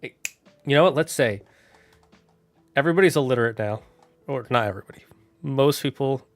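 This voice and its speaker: Man, live streamer, casual rambling chat, thinks out loud, dry close sound, faint music behind. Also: mid-range voice, expressive, dry recording. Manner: musing aloud, thinks out loud with quick asides. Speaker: streamer running a worldbuilding chat.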